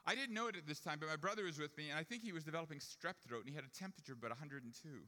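A man's voice: on the high side, rapid-fire, bright, forceful tone, long reverb tail. A man preaching a sermon, telling a personal story and then building to emphatic points about faith. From Jewish family upbringing.

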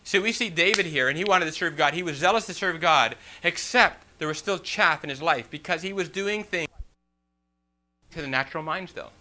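A man's voice: on the high side, moderate pace, pushed and bright. A man preaching a sermon, reading scripture and then explaining it with rhetorical questions and folksy "you know" asides.

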